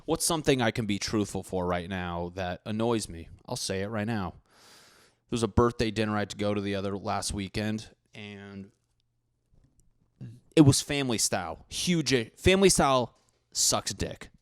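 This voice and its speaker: A man's voice: fairly low pitch, normal speed, dry recording, studio quality. A young man hosting a solo podcast, ranting comically with profanity and mocking voices for other people. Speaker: podcast host. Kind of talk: solo comedic rant.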